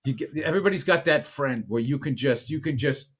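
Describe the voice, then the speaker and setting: A man's voice: medium pitch, fairly quick, husky. A man in his fifties co-hosting a podcast, chatting casually and profanely, riffing and mocking his friend. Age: 50s. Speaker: podcast co-host. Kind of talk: casual comedic chat.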